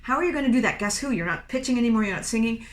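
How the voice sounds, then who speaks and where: A woman's voice: fairly high pitch, lively intonation, very fast. Patient woman music teacher explaining. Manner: patient, encouraging, breaks into short sung phrases. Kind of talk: instructional talk with sung demonstrations.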